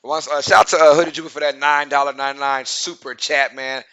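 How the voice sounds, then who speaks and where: A young man with a Southern twang talks through a live sports stream in a loose, chatty way, full of fillers, and hypes up his viewers. His voice sits a touch high and rings bright. The sound is close and dry, with no room in it. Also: steady tone, quick pace, clean tone, no room sound. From Louisiana. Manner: chatty, filler-heavy, hypes up viewers, reads chat aloud. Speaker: sports podcast co-host.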